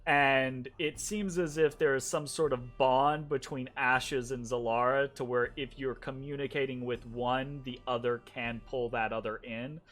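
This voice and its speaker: A man's voice: medium pitch, steady tone, unhurried, few pauses, fairly bright tone. Casual man running a tabletop game. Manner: casual, rambling with many fillers. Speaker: game master. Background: faint background music.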